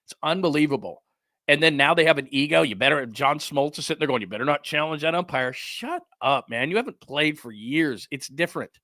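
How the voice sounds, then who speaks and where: High, bright-voiced ranting sports host. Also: male voice, expressive, brisk, no room sound, clean studio sound. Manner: heated, sarcastic ranting with mocking put-on quotes. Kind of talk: ranting sports talk show.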